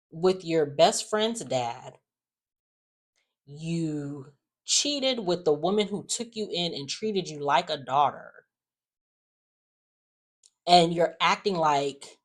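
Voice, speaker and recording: A woman's voice: deep voice, animated, slow, long pauses. A young woman giving a chatty, slang-filled recap of soap opera episodes, trading in strong opinions.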